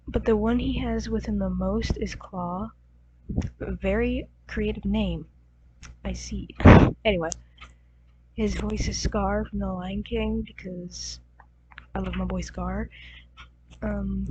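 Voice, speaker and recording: A channel host with a medium-pitched, mellow voice, groggy and crusty from just waking, casually shows off her characters. She rambles and giggles, using lots of fillers. The poor-quality home mic sounds dull and muffled, with a faint hum.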